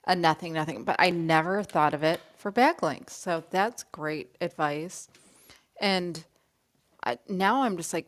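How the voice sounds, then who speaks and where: A woman's voice: on the low side, no echo, clean studio sound. Chatty self-deprecating woman. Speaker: podcast guest. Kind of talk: casual panel discussion.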